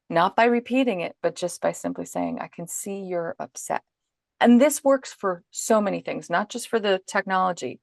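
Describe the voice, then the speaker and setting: A woman guest on a podcast, calmly and patiently explaining parenting advice in an instructive way. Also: fairly low pitch, gravelly, no echo, studio quality.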